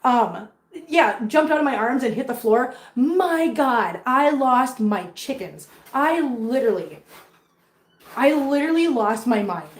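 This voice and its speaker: Cat lady vlogging at home, highish voice, baby-talking her kittens, roomy echo. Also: animated, unhurried. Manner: coos baby talk to kittens between chatty asides to viewers. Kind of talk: casual vlog chat.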